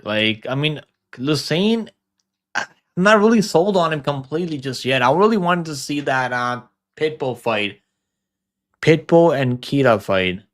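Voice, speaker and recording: A young man hosting a livestream, casually talking through fight picks, cursing often and second-guessing himself out loud. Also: mid-range voice. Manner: rambling, profane, second-guesses himself aloud. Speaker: MMA livestream host.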